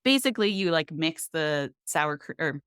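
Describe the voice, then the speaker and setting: Female podcast host, low smooth voice, upbeat conversational delivery. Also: animated, moderate pace, fairly bright tone, no echo, clean studio sound. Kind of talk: casual chat.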